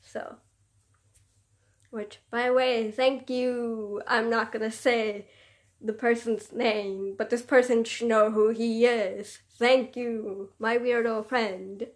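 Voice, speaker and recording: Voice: mid-range voice, little pitch movement, takes it slowly. A young vlogger chatting casually to camera, rambling and searching for words with many fillers.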